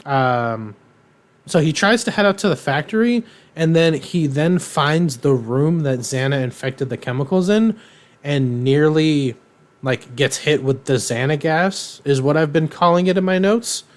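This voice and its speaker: A man co-hosting a casual podcast, walking through a cartoon episode in a loose, rambling style. He fills pauses with frequent ums and throws in irreverent, offhand jokes, dropping into character voices now and then. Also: a little high, lively intonation. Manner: rambling, filler-heavy, irreverent; acts out characters' lines in quotes. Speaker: podcast co-host.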